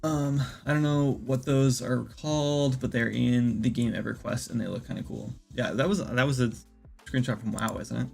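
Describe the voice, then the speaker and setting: At a moderate pace, a streaming indie game developer works through ideas out loud, rambling and looping back with lots of filler words. His voice is gravelly and full of fry at a middle pitch, with soft music playing faintly behind the casual stream.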